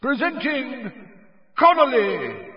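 A man voicing a grand stadium announcer, calling out names in a drawn-out, raised voice. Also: very high voice, wildly swooping pitch, roomy sound, big-room sound, lo-fi sound, voice pushed up, heavily acted. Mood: grandiose. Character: booming stadium announcer, showy middle-aged man.

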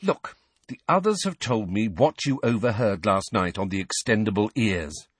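A man reading aloud and voicing a brisk, impatient teenage schoolgirl who lectures her friends in an audiobook. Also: lowish voice, lively intonation, breathy edge, dry recording. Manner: brisk, impatient, know-it-all.

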